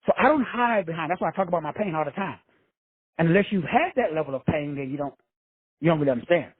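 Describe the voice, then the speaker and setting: High husky man, preachy and tinny. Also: animated, quick pace, dry recording. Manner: preachy, addresses listeners as brothers and sisters; casual, with frequent swearing. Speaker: self-help speaker. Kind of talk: motivational talk.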